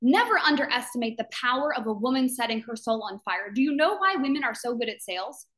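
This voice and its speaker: A fast, expressive woman with a fairly high, somewhat bright voice gives a fervent motivational talk to members of the business community she founded, live on a video call. She repeats phrases emphatically and acts out other people's doubting voices in quotes.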